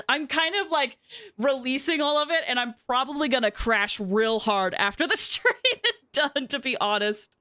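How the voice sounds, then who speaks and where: A woman's voice: on the high side, bright, forceful tone, clear, resonant tone, no room sound, clean studio sound. A young woman streaming a game, chatting with viewers in a bubbly, giggly way. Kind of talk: casual live-stream chat.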